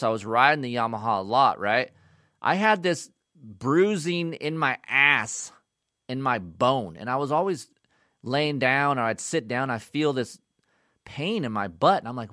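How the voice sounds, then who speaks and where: A man's voice: fairly high pitch, sharp tone, no room sound, studio quality. A man giving a casual, rambling motocross bike review, blunt and often profane.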